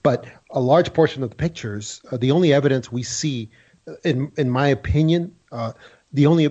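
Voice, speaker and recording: A male guest on talk radio, measured and hedging, with fillers between his points. His voice is husky and middling in pitch, coming through a dull, muffled line. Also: warm tone. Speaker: guest, former FBI agent. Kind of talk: casual interview talk.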